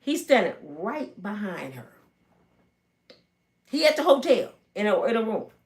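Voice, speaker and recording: This vlogger, a woman in her fifties from Michigan, talks at an unhurried pace in a medium-pitched voice. She recounts a personal story in a relaxed, forceful, animated style, acting out the characters' voices as she goes.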